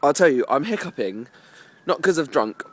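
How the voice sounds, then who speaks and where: A man's voice: a little high, animated, normal speed, a bit bright. A young man talking casually to camera in a vlog, rambling and joking at his own expense, tipsy and hiccuping. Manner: chatty, rambling, self-mocking. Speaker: vlogger.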